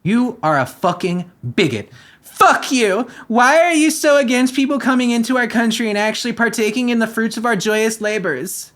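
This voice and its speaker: Crude, mocking podcast guy with a lively voice. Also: extremely high pitch, moderate pace. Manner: crude, mocking rants between read-out news. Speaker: podcast host. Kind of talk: comedic news commentary.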